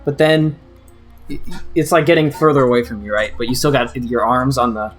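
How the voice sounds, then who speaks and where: A man's voice: medium pitch, steady tone, a little fast, soft background music. A man narrating as game master of a tabletop game, in a loose, rambling way with many fillers.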